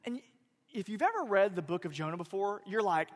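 High-voiced pastor preaching in a hall. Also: male voice, brisk. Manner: animated, swings from loud emphasis to quiet intensity. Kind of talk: sermon. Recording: long hall reverb.

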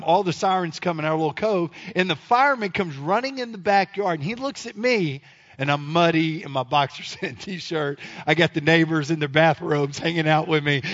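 A man, telling a self-deprecating story to an audience in an animated, comic way. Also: high-pitched, normal speed. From Memphis area, United States. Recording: dull lo-fi sound.

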